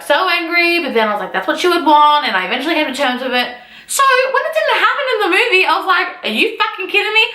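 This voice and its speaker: Animated high-voiced woman ranting. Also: roomy sound. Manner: animated, swears freely, ranting. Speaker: book vlogger. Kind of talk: casual rant to camera.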